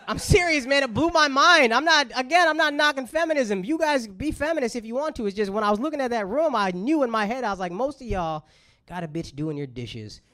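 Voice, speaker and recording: A man's voice: extremely high pitch, fairly quick, noisy background. A man doing a brash, profane stand-up set with crowd work, in his thirties. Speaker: stand-up comedian. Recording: live club set, audience laughter. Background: crowd laughter.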